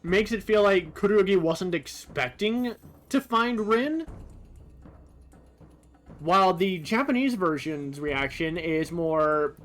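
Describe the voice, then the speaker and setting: A streamer talks casually over a game at an ordinary middle pitch, working through ideas aloud. The delivery is thoughtful and halting, full of small pauses and fillers. Faint game music plays underneath. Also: animated. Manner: thoughtful, halting, with frequent "uh" while sorting thoughts. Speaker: streamer comparing game translations. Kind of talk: casual commentary over gameplay.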